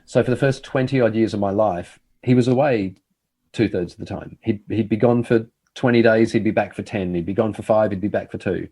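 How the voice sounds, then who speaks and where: A man's voice: fairly low pitch, brisk, mellow, slightly rough. A middle-aged man, a TV host, telling a reflective story in casual conversation.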